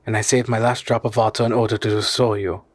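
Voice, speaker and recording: A man's voice: fairly low pitch, little pitch movement, no echo, natural voice. A man reading as a stubborn old professor. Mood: tender. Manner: slow, earnest, then harsh and commanding. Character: stubborn elderly male professor, fierce explorer.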